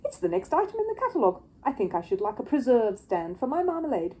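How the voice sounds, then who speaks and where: Woman doing a polite young bear, high and bouncy, earnest, excitable, a storybook cub. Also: fast, low-quality recording. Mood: eager. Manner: earnest, well-mannered and excitable.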